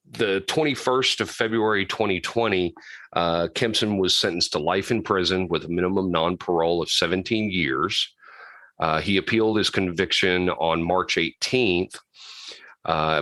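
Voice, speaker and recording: A man's voice: sits low, sharp tone, no echo, low-quality recording. A man co-hosting a podcast, casually recapping a true-crime case from notes, with frequent restarts and side comments. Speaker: podcast co-host.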